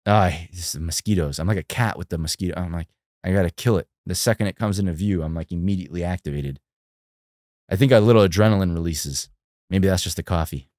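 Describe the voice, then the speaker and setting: A young man hosting a casual livestream, chatty and animated, talking to his viewers. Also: low-pitched, fast, dry recording, studio quality. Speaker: livestream host.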